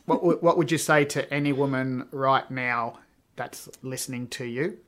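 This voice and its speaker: A man's voice: mid-range voice, moderate pace, a bit bright. Male podcast host, rambling casual storyteller. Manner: rambling storyteller, many ums. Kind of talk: casual interview chat.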